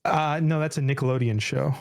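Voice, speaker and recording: A man's voice: medium pitch, fairly even intonation, fairly quick, gravelly. Wry man relaying chat comments. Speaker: co-host reading chat. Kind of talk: casual chat.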